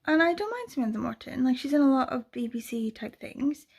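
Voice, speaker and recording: A woman's voice: sits high, lively intonation, a little fast, gravelly, darkish tone, breathy edge. A woman vlogging casually about books, rambling and chatty and full of fillers, talking from home. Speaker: book vlogger, readathon co-host. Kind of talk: casual chat to camera.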